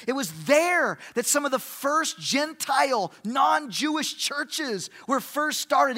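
A man preaching a sermon in a church hall, animated and emphatic with humorous asides. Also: very high-pitched.

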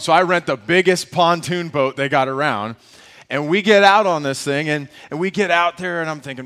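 A man in his thirties preaching a sermon as a pastor, telling a family story with lively acted-out voices. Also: a little high, normal speed.

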